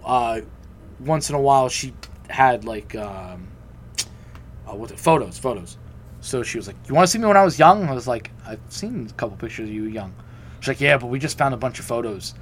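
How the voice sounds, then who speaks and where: A man's voice: medium pitch, fairly quick, slight background noise. Profane man telling a story. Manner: profane, animated, acts out quoted voices. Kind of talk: casual storytelling.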